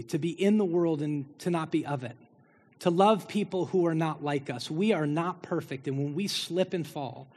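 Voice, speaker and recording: A man's voice: on the high side, breathy edge. A man preaching a sermon as pastor, building emphasis through repeated phrases. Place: church sanctuary. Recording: long hall reverb.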